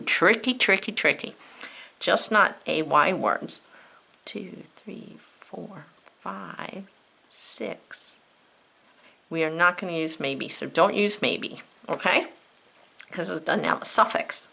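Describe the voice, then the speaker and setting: A woman teacher leads a children's spelling lesson, calmly spelling each word letter by letter. Her voice sits a little low, has a gravelly edge, and moves at a slow, patient pace. She thinks aloud and encourages her young listeners as she goes. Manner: thinks aloud, talks to herself.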